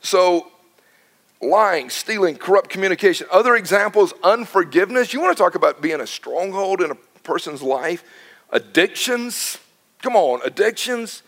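A middle-aged man preaching a sermon as pastor, telling stories with lively quoted dialogue. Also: sits high. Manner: animated storytelling with quoted dialogue.

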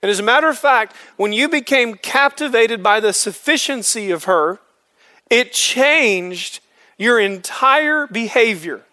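A man's voice: very high-pitched, lively intonation, a little slow, pushed and bright. A man leading a men's Bible study, explaining scripture earnestly and using homespun examples.

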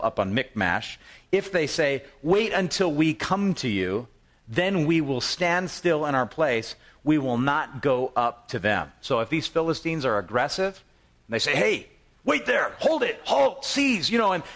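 Animated preaching man. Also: medium pitch. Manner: animated storytelling, acting out voices of the people in the passage; conversational, repeats words when restarting. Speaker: pastor. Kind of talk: sermon.

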